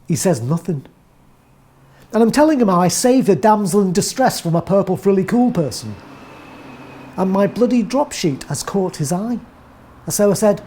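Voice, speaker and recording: An English woman narrates a rambling first-person tale in a dry, deadpan way. Her voice is mellow and dark in tone. There is a faint hiss behind her. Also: medium pitch, normal speed. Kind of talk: first-person comic monologue.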